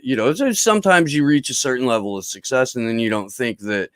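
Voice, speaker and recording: A man's voice: medium pitch, expressive, brisk, hardly any pauses, no echo. A man telling a long story in a rambling, profane way with lots of fillers, as a podcast guest in casual chat.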